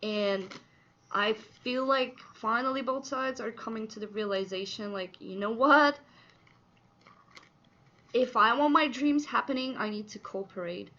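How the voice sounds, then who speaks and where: Bright-voiced excitable woman reading tarot. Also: on the high side, lo-fi sound. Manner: chatty, excitable, earnest, many fillers. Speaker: tarot reader.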